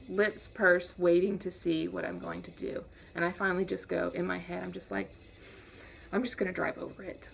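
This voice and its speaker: A woman casually telling a personal anecdote in a lively, wry way, acting out the lines of the people in it. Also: on the low side, gravelly. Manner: lively, wry, acts out quotes. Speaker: storyteller.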